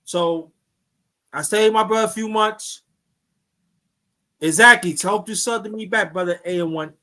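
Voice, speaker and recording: Host, male, high bright voice, rambling chatty storyteller who restarts his sentences. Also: moderate pace. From New York. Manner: rambling, repeats himself, restarts often. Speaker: YouTube channel host. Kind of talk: casual storytelling on a live chat.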